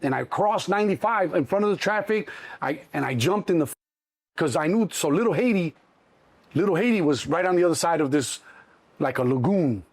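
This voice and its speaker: A middle-aged man with a Chicago accent, telling a story in an interview, animated and swearing freely, acting out the other voices. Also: fairly high pitch, a little fast. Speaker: interview guest. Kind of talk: casual storytelling.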